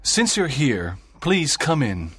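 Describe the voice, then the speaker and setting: An actor playing a sad, lonely, strict middle-aged teacher in an audiobook drama, speaking in a grave, measured way. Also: male voice, medium pitch, huge pitch swings, fairly bright tone, slightly rough, no echo, studio quality, exaggerated voice. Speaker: narrator's teacher.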